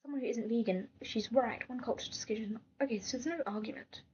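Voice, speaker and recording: Woman, soft-spoken, often whispering, muffled recording with faint hiss. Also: on the high side, a little fast. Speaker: gaming channel host. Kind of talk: casual gameplay commentary and comment reading.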